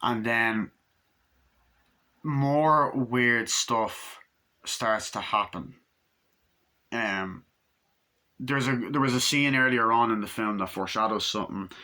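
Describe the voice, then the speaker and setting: A man's voice: medium pitch, takes it slowly, pauses often, sharp tone. A young man casually reviewing a film, rambling with lots of fillers and offhand swearing.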